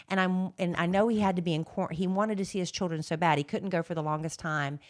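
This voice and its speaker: A middle-aged woman co-hosting a podcast, rambling and gossipy in casual chat, with lots of fillers. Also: sits low. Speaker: podcast co-host.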